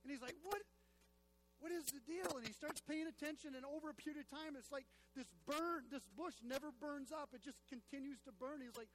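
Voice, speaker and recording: A man's voice: very high-pitched, a little fast, few pauses. A man preaching a sermon in a church, addressing the congregation emphatically and repeating key phrases. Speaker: pastor.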